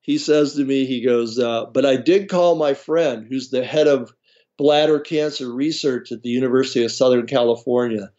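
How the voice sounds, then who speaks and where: Laughing often and acting out quoted voices, a man being interviewed as a guest herbalist shares a personal story with animation. He has a medium-pitched voice at normal speed, though the recording is muffled.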